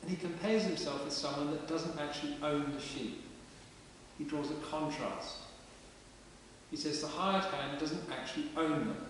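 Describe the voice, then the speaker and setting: A vicar, his voice a little high and his speed normal, preaches a chatty, plain-spoken sermon inside a large stone parish church. The distant camera mic makes the recording echoey and remote, with hiss.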